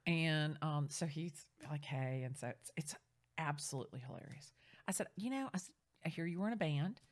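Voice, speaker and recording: A middle-aged woman in casual chat, telling a story with lively, acted-out quotes. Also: low voice, normal speed. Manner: animated storyteller, acts out quoted voices. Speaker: real estate agent.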